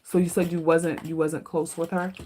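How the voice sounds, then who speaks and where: Soft-spoken woman giving a comforting tarot reading. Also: lowish voice, little pitch movement, moderate pace, slight background noise. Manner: emotional, comforting, talks to chat; soft, tearful at times. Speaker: tarot reader. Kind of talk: live stream tarot reading.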